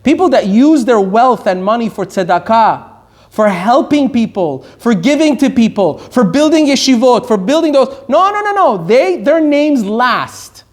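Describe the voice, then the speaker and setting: A middle-aged man from Iran giving a Torah lecture as a rabbi, stressing key words slowly and rushing through asides. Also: extremely high pitch, very animated.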